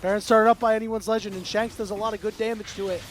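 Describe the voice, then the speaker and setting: A male esports caster calling the action play by play with a very high voice. His calls run fast and excitable and rise into shouts at big moments. He sits at a desk mic as a commentator. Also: slight background noise.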